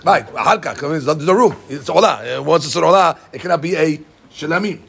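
A man leads a casual Talmud study session, rattling off the text at speed before explaining it. His voice sits a bit high and has a gravelly edge. He often stumbles and repeats words as he talks it through. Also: animated, a bit bright. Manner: reads Aramaic text rapidly and explains it in English. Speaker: Talmud teacher.

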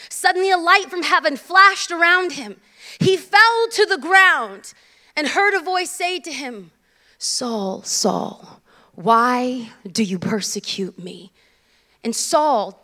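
A woman preaching a sermon as a guest speaker, animated and joking as she tells stories. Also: sits high.

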